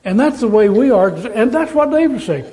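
A man's voice: extremely high pitch, lively intonation, moderate pace, warm tone. A man preaching a sermon in an earnest, emphatic way, asking rhetorical questions.

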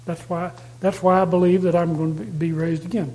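A man's voice: sits high, flat delivery, brisk, dark tone, low-quality recording. A man preaching a sermon, emphatic, repeating key phrases to drive them home.

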